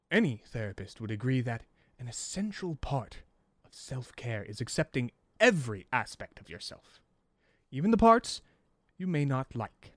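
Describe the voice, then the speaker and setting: A composed vampire who runs his group like a therapist, as a man voices him. He speaks in a measured, coaxing way at a middling pitch. The sound is dry and close. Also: a bit bright, no room sound, natural voice. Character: calm male vampire group leader, therapist-like. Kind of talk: acted dialogue in a tabletop game.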